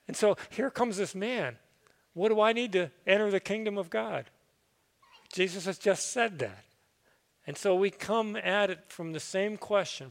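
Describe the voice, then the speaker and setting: A man's voice: high voice, big-room sound. A man speaking as a pastor, giving a sermon in an earnest, conversational way with easy asides.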